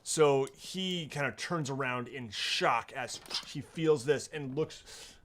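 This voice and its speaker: A man running a tabletop game as game master, unhurried and hesitant with many fillers. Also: medium pitch, fairly bright tone, slight background noise.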